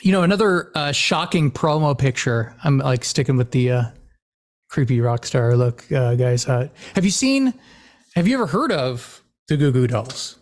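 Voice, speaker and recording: Animated middle-aged man, lively laughing host. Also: mid-range voice, moderate pace. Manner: animated storyteller, laughs often, many fillers. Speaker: podcast host. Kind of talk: casual chat.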